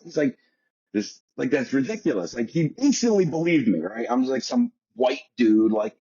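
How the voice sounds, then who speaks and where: A husky American man tells a wandering story in fast, profane bursts, full of filler words. His voice is a little breathy and sits in the middle range. The sound is dull and lo-fi, like call audio. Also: mid-range voice, animated, dark tone. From United States. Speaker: guest. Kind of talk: casual storytelling.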